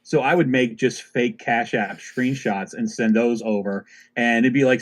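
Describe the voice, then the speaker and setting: A man co-hosting a podcast, telling a story in a relaxed, wry way with plenty of fillers. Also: mid-range voice, moderate pace, few pauses. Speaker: podcast co-host. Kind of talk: casual storytelling chat.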